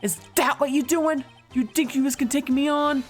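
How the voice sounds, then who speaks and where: A brash gangster in a tiger suit barks threats in broken, bullying speech, voiced by a woman. The voice sits raised and loud above her usual tone. Faint music plays behind the game read-along. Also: a little high, animated, moderate pace, close to an everyday voice. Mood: furious.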